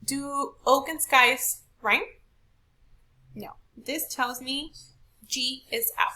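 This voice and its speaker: A woman's voice: sits high, fairly even intonation, extremely slow, pushed and bright. A woman teacher walking a class through a poetry question, patient and step by step, asking rhetorical questions. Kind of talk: recorded classroom lesson.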